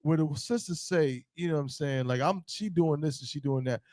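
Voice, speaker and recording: A man's voice: a little high, fairly quick, no room sound, studio quality. A man co-hosting a podcast in casual chat, emphatic and raising his voice to drive a point home. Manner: emphatic, gets loud when making a point. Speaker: podcast co-host.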